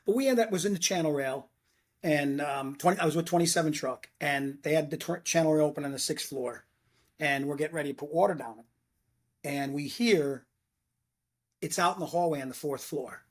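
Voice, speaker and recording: Husky New man telling fire stories. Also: fairly high pitch, fairly quick. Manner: blunt, animated storyteller who acts out quotes. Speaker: retired fire lieutenant, podcast guest. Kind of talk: casual storytelling chat.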